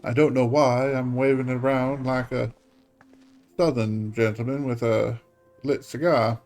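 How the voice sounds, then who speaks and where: A man chatting casually on a live stream, rambling and self-mocking between tasks. His voice sits at a middling pitch, and faint music plays underneath. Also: fairly even intonation, measured pace, darkish tone. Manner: rambling, self-deprecating asides.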